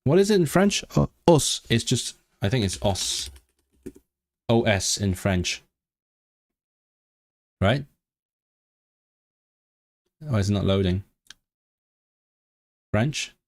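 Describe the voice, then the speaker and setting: A man's voice: lowish voice, animated, slow, pauses often. A man chatting casually on a live stream, thinking aloud and eagerly sounding out foreign words. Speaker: language-learning streamer.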